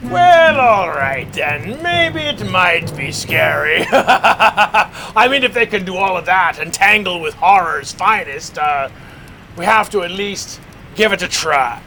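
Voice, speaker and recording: A man's voice: sits high, expressive, slow, pushed and bright, exaggerated voice. A man playing a boisterous pirate captain who hosts a horror movie show, talking with theatrical bluster and hearty laughs. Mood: enthusiastic. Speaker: horror host. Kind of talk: sketch comedy.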